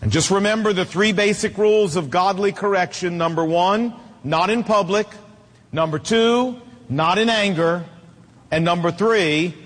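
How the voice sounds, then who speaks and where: Emphatic high-voiced male preacher. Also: a little slow, big-room sound. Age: middle-aged. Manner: emphatic, storytelling with acted quotes. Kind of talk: sermon.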